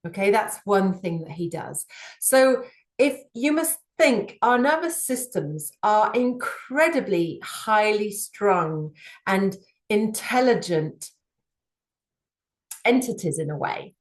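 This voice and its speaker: Slow, measured woman in an echoey room. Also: medium pitch, expressive. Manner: measured, thoughtful, with frequent fillers. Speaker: singing professional analyzing voices. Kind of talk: explanatory talk to camera.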